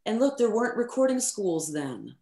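A middle-aged woman, a recording engineer, telling stories in a casual interview. She speaks in a frank, animated way, swears casually and uses many fillers. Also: mid-range voice, normal speed. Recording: roomy echo.

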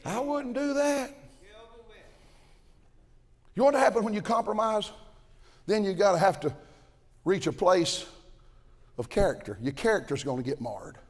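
An older man preaching a fiery sermon, folksy and impassioned, swinging from shouts to low asides. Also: lively intonation, normal speed, pauses often. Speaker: pastor. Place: large church auditorium at a conference. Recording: long reverb of a big hall.

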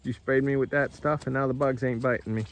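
A man's voice: medium pitch, steady tone, fast talker, close to an everyday voice. A man voicing the thoughts of an easygoing female horse in a blunt, offhand drawl, on a farm video. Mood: unbothered.

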